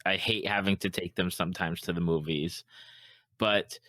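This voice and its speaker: Bright-voiced man hosting a podcast. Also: sits low, moderate pace, dry recording, clean studio sound. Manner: laughs easily, animated storytelling. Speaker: podcast host. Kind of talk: casual chat.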